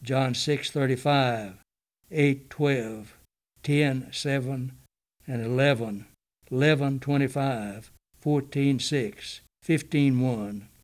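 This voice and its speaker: A man reading a Bible study text aloud in a measured, deliberate way, pausing to cite chapter and verse. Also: mid-range voice, fairly even intonation.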